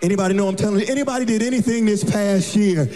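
A man's voice: sits high, very fast, warm tone. A male pastor preaching a rousing sermon in a church, chanting and hollering with call-and-response. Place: church sanctuary. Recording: long church reverb with music behind.

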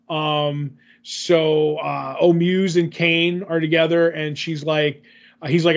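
A man's voice: a little high, little pitch movement, unhurried, gravelly, highs cut off. A man co-hosting a podcast, rambling through a comic book recap in casual chat, with lots of fillers and self-corrections.

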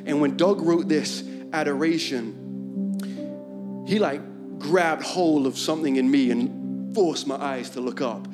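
A man with a fairly high voice preaching a sermon. He reads psalms earnestly and rises into a loud, fervent chant. Music plays clearly behind him. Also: a little slow.

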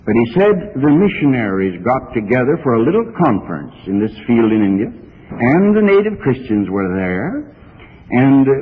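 A man's voice: medium pitch, slightly rough. A middle-aged male preacher telling a story in a church sermon, earnest and growing more fervent as he goes. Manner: earnest storytelling with rising fervor. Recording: archival sermon, phone-like and reverberant.

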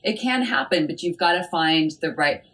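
Woman, literary agent, casual interview, slightly low voice, chatty, animated. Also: moderate pace. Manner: animated, chatty, many "like" and "I mean" fillers.

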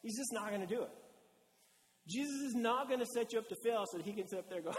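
A male pastor gives a casual, lively sermon and slips into short acted-out quotes. His voice sits high for a man. The sound carries a long reverb, as in a large church hall. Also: fast talker, background noise. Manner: conversational and animated, acting out quotes.

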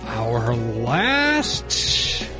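Casting note: playful man co-hosting a podcast, very animated pitch, music playing behind. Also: drawn-out words. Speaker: podcast co-host. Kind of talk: casual chat.

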